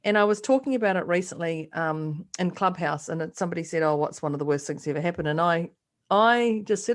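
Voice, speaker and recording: A woman's voice: on the low side, fast talker. A woman co-hosting a podcast in casual chat, telling stories and acting out the voices she quotes. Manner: animated storyteller, acts out quoted voices. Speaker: podcast co-host.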